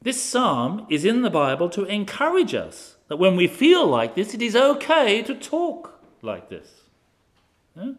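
A man's voice: high-pitched, huge pitch swings, a little slow. A man preaching a sermon, posing rhetorical questions with occasional fillers.

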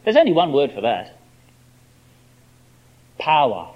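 A male preacher gives an expository sermon at a moderate pace, his slightly high voice lively and animated as he hammers home his points. The recording is dull and lo-fi.

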